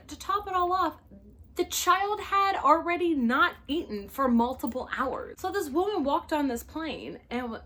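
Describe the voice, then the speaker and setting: A young woman with a slightly high voice tells a story from her job as a flight attendant in a casual vlog. She talks with animated exasperation and bursts into loud disbelief. Her delivery is lively and chatty.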